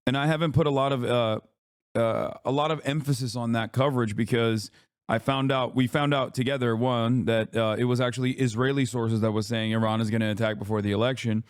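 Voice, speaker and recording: A man streaming live, reacting to political chat and news in heated, profane, sarcastic rants, with some quick read-alouds. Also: medium pitch, clear, resonant tone, no room sound, studio quality. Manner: reads news aloud in a fast flat delivery.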